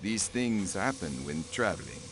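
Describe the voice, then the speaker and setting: An actor playing a haughty aristocratic count in a video game, stiff and dismissive. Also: male voice, low voice, big pitch swings, measured pace, background noise, full character voice. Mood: cold.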